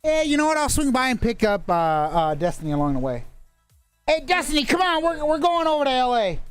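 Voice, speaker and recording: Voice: high-pitched, sing-song, brisk, clean tone, faint music behind. A game master narrating a tabletop game and bantering in a casual, profane, laughing way.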